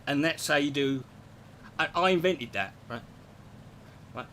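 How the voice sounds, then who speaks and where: Rambling, profane man with a higher voice. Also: measured pace, a little hiss or hum. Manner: rambling, profane, animated, many restarts. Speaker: podcast host. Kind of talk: casual comic monologue.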